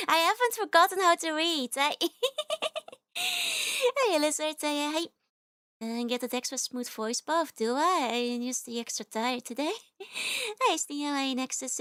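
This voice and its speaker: A young woman streaming live, chatting casually and giggling as she greets her chat with rapid repeated hellos. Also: sits high, fairly bright tone, dry recording, studio quality.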